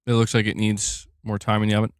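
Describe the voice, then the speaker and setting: A man's voice: lowish voice, monotone, fast talker, no echo, clean studio sound. A man hosting a casual livestream, joking, laughing often and rambling as he reads chat. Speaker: livestream host.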